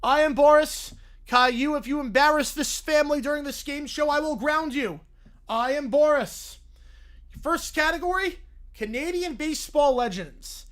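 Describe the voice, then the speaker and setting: A pompous cartoon father who keeps formally announcing himself in a loud, stiff voice, as a man puts him on. He sounds stern and self-important. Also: very high voice, normal speed, voice pushed up. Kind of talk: reading a fan script aloud with voices.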